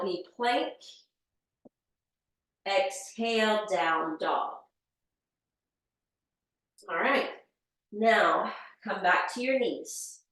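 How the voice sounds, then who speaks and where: Speaking in a mid-range voice, a yoga teacher leads her class unhurriedly, naming each pose and breath in turn with calm counts. The studio is echoey and she sounds distant, picked up by a microphone placed well away from her.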